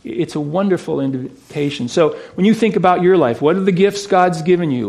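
Earnest preaching man, slightly high voice. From United States. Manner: earnest, rising to emphatic, dropping to hushed awe. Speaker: pastor. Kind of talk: sermon.

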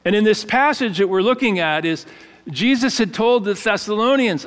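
A man's voice: high voice, animated, in a large hall. Man preaching a conversational sermon. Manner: conversational, halting with fillers and restarts. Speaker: pastor.

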